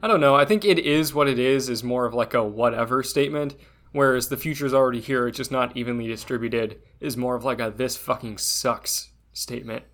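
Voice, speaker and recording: A man co-hosting a podcast, talking in an animated way and getting heated when he argues a point. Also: medium pitch, quick pace. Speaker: podcast co-host. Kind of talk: casual chat.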